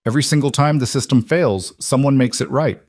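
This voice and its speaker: A man narrating an audiobook voices a weary female detective who questions in a measured, level way. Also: medium pitch, a little mellow, no room sound, clean studio sound, voice pushed up, lightly acted. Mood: pressing.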